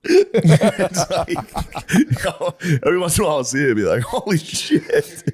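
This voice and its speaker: A man's voice: a little high, big pitch swings, moderate pace, darkish tone. A man co-hosting a podcast, teasing his partner and laughing often, swearing freely. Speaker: podcast co-host. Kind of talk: casual comedic chat.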